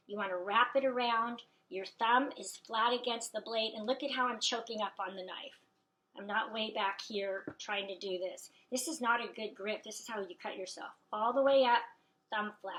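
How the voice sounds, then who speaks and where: A middle-aged woman with a slightly high voice teaches a hands-on cooking demonstration. She talks in a chatty, folksy way and keeps checking in with her class. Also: fairly bright tone, rough recording. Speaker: cooking instructor.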